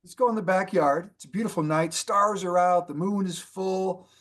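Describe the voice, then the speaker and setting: A man's voice: high-pitched, normal speed, a bit bright. A man doing a folksy old oil tycoon.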